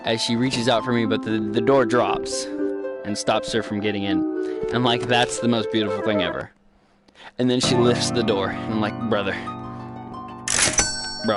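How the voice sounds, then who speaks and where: Young man, low voice, rambling comic game story, swearing, music playing behind. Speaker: gaming channel host.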